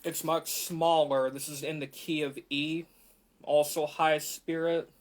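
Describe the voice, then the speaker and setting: Slow, level-voiced man explaining flutes. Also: a little high, level tone. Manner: unhurried, explanatory, with frequent fillers. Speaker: flute player. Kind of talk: explaining instruments at a live performance. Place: community library event. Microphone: camera mic in the room.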